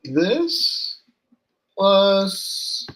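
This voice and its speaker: Man, tabletop player, slightly high voice, halting restarts, voice-call mic. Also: very animated, fairly bright tone, rough recording. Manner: hesitant restarts, then rushes descriptions. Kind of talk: describing his character's actions in a tabletop game.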